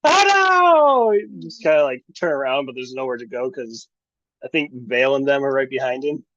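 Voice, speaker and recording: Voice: mid-range voice, steady tone, brisk, no echo, lo-fi sound. A tabletop game player chatting eagerly about their character. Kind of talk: tabletop game play, casual chat.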